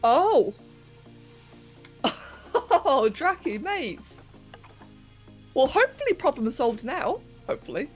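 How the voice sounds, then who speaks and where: A woman's voice: sits high, sing-song, takes it slowly, long pauses, faint music behind. Chatty, giggly young woman streamer. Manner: chatty and giggly, chatting to viewers while working. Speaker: game streamer. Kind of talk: casual livestream chat while playing a game. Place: home bedroom.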